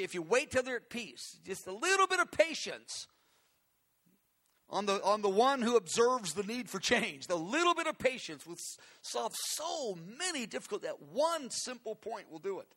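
A man's voice: high-pitched, bright, forceful tone. A man preaching a conversational, earnest sermon, asking his listeners questions as he teaches. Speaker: pastor.

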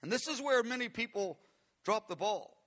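A man's voice: very high-pitched, animated, normal speed, a bit bright. A man preaching a conversational, earnest sermon, asking his listeners questions as he teaches. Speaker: pastor.

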